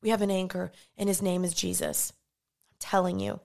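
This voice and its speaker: A woman's voice: fairly low pitch, flat delivery, fairly quick, creaky, a little mellow. A young woman hosting a faith podcast, speaking in a passionate, emphatic, repetitive way. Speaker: podcast host. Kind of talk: faith-based podcast monologue.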